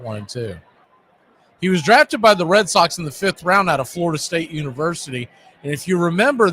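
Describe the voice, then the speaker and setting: A man calling live baseball play-by-play in a relaxed, conversational way, with chatty asides between pitches. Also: a little hiss or hum. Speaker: play-by-play announcer.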